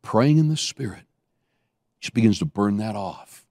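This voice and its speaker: Guy preaching, pitch jumps all over the place, super dry close sound. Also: measured pace, vocal fry, no echo. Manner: animated storytelling, acts out scenes with sudden high bursts. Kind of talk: sermon.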